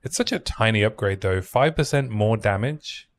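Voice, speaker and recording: A man with a fairly low voice chats casually through a game stream, thinking aloud and reading out item numbers as he plays. The talk is loose and conversational, with easy asides to his chat. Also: lively intonation, normal speed. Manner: thinks aloud, chatty, reads out item stats. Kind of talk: casual gaming stream commentary.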